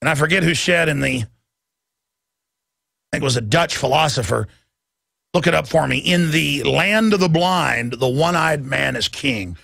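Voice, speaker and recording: An impassioned man in his thirties rants through a talk radio monologue. His voice is gravelly and sits a little high, with a sharp, forceful edge. The studio sound is dry and close. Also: moderate pace, pauses often, no room sound. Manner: impassioned, ranting, mimics others in quoted voices. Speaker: radio host.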